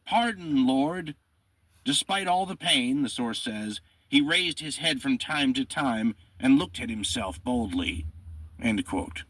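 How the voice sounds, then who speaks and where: A man with a slightly husky voice narrates history, reading old eyewitness accounts with dramatic emphasis. His pitch rises when he quotes and drops low for his own remarks. The sound is dry and close. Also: a bit bright, no echo. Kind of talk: reading sources aloud with commentary.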